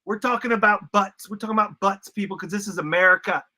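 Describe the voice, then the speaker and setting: A man with a high, ringing voice keeps up an excitable, joking flow of slangy banter on a live stream. He is getting over a summer cold. His tone stays bright and forward throughout. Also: quick pace. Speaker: co-host. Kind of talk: casual chat.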